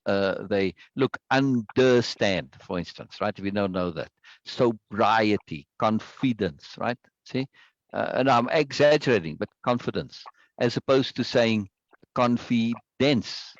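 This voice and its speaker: A man leading a group discussion over a video call, talking with eager enthusiasm and repeating words as he goes. His voice sits at a middle pitch. The sound is dry and dull, like lo-fi call audio. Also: dry recording.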